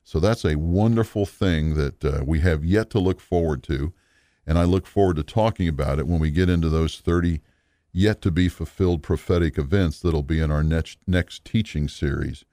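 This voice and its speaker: A man teaching a recorded Bible lesson in an earnest, measured, explanatory way. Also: rumbling low, dark tone, dry recording, clean studio sound.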